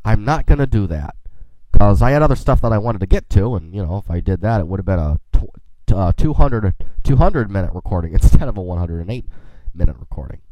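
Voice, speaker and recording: A male podcast host rambles through a casual solo episode, full of folksy asides and playful space banter. He is a little under the weather. His pitch rises and dips in a lively, animated way, and the sound is close and dry with no room echo. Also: fast talker, muffled recording. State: a little sick.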